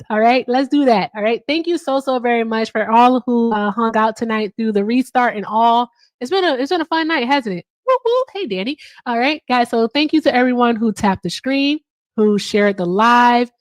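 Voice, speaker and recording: A woman's voice: a little high, no room sound. A woman hosting a casual livestream. She is chatty and upbeat, says "all right" often and swears casually. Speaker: livestream host.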